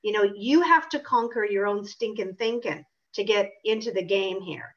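A woman's voice: medium pitch, normal speed. A woman author answering interview questions in an emphatic, assertive way. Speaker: author and pricing consultant. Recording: dull lo-fi audio.

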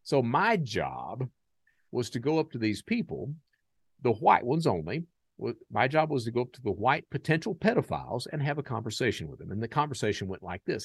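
A man from the United States hosting a podcast, telling a story in a casual, animated and profane way and acting out the dialogue. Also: mid-range voice, fairly quick, vocal fry, husky, dry recording. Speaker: podcast host.

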